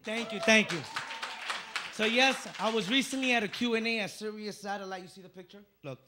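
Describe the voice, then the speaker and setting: A man from the Dominican Republic doing a stand-up comedy set on a club stage into a handheld mic, telling stories with punchy, animated delivery. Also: high-pitched, a little fast, noisy background. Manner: punchy, animated storytelling with acted-out voices.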